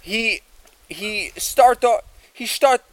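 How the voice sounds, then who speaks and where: A man putting on a crude foreign man with a thick accent, speaking in slow, broken grammar. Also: sits high, steady tone, voice pushed up. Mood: crude storytelling.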